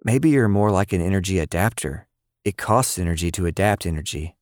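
A man's voice: deep voice, brisk, no room sound, clean studio sound. A man voicing an enthusiastic, supportive boy who praises his friend in an audio story. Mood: excited. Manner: excitable and praising.

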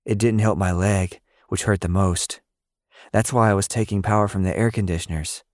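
A man voicing a weakened boy who speaks softly and wearily in an audio story. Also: low-pitched, steady tone, moderate pace, no room sound, clean studio sound, close to an everyday voice. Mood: weary. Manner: soft and weary. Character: tired, weakened boy with powers.

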